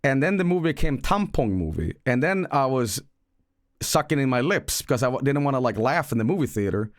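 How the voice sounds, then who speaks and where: A man's voice: medium pitch, very animated, fairly quick, no echo, clean studio sound. A man streaming live, chatting casually about a movie he saw, with rambling, profane, joking storytelling.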